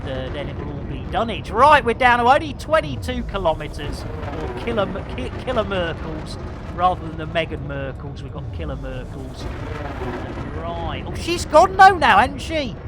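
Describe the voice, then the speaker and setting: A woman streaming a space game, chatting excitedly to her guests, often laughing and exclaiming at her own mistakes. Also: low-pitched, normal speed. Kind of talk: live gameplay commentary.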